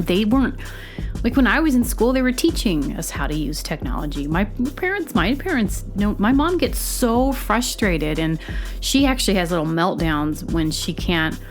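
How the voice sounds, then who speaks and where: A woman hosting a podcast, talking alone in a rambling, chatty way and jumping into a high, squeaky voice when she quotes others. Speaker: podcast host. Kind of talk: casual solo monologue.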